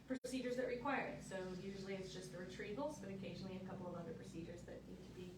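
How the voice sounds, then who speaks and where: A woman working as a nurse anesthetist, calmly and clearly explaining what patients can expect. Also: mid-range voice, racing, background noise. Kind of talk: casual chat. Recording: echoey room, mic at a distance.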